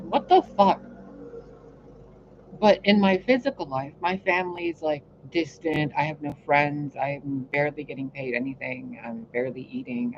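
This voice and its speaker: Woman host, exasperated, profane rambling monologue; muffled lo-fi recording with a faint hiss. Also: low-pitched. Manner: profane, exasperated, swings between loud outbursts and quiet asides. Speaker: spiritual reader and channel host.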